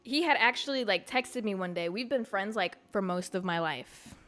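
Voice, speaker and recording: A young woman hosting a podcast, rambling frankly through a personal story, laughing often, and she says she is high. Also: expressive, normal speed, a bit bright, soft background music. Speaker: podcast host. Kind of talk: casual confessional chat.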